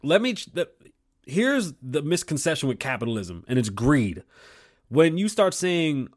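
A man's voice: on the high side, sing-song, unhurried. Blunt cussing man hosting a rant show. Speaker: podcast host. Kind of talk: profane opinion rant.

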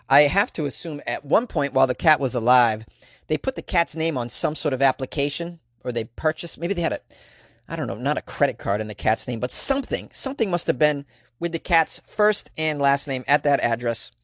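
A man's voice: medium pitch, expressive, a little fast, no echo, studio quality. A man hosting a comedy news podcast, reading odd stories with wry, jokey asides. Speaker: podcast host.

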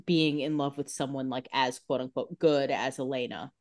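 A woman's voice: a bass voice, fairly even intonation, moderate pace, darkish tone. A woman co-hosting a podcast, recapping a TV episode in casual chat, chatty and analytical with a wry edge. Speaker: podcast co-host.

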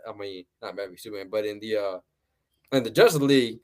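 A man's voice: medium pitch, lively intonation, normal speed. A man hosting a casual movie review podcast, talking bluntly with a lot of swearing, laughing, and repeated words. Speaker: podcast host.

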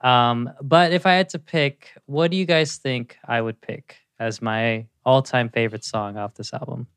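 A man co-hosting a music podcast, chatting casually and gushing about a song with many pauses and fillers. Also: medium pitch, a bit bright, clear, resonant tone, no echo. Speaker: podcast co-host.

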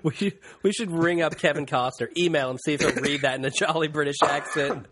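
A man's voice: on the high side, fairly quick, fairly bright tone. A sick man co-hosting a podcast, giving wry short replies and laughing often. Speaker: podcast co-host. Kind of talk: casual chat.

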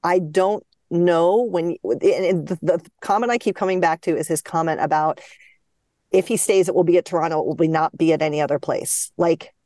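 A woman hosting a hockey podcast, giving measured opinions and steering the talk. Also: lowish voice, warm tone, dry recording, clean studio sound. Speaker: podcast host. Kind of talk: casual hockey chat.

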